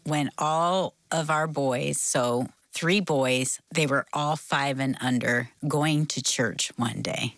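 An older woman co-hosting a casual podcast, telling an animated story and laughing often, on a close studio mic. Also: low voice, takes it slowly, few pauses, no echo. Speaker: co-host.

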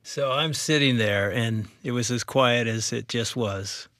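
A man, a pastor, earnestly recounting a personal testimony about his marriage in a relaxed interview. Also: medium pitch, measured pace, no room sound, clean studio sound. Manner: earnest, reflective storytelling. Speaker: pastor and guest speaker.

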